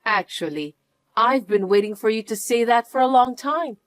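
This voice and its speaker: An actress playing a wronged young wife who answers with cool, firm defiance. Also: female voice, on the high side, normal speed, no room sound, natural voice. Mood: defiant. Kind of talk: narrated drama acting.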